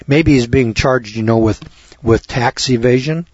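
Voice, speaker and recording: A man's voice: mid-range voice, unhurried, a little mellow, breathy edge, no room sound. A man lecturing to students in a folksy way, piling up rhetorical questions and repeating them for effect. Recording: dull lo-fi recording.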